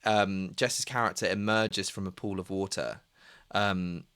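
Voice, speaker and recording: A man hosting a casual live chat, giggly and animated. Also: low voice, a little slow, clean tone, no room sound, clean studio sound. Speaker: streamer host.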